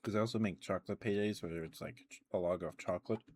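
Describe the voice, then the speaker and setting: A man doing soft-spoken ASMR on a stream, chatting relaxed while eating candy into a close mic. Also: low-pitched, fast talker, a little hiss or hum.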